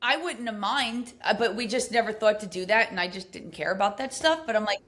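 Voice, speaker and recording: A middle-aged woman, a podcast guest telling stories in a casual, animated way, full of fillers. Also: mid-range voice, a little fast. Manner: animated, acts out quoted speech, frequent fillers. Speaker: podcast guest, abuse recovery coach. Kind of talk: casual storytelling interview.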